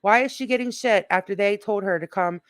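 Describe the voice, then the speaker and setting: A woman's voice: mid-range voice, brisk, no room sound, clean studio sound. A woman co-hosting a casual live stream, chatting loosely, reading viewer comments and swearing offhandedly. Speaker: co-host.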